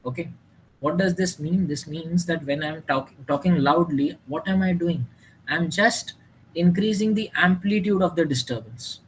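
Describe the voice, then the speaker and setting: A man's voice: fairly high pitch, moderate pace, a little hiss or hum, low-quality recording. A man teaching a classroom lesson, mixing with Hindi and quizzing students. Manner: animated, mixes English with Hindi, asks students questions. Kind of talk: classroom lecture.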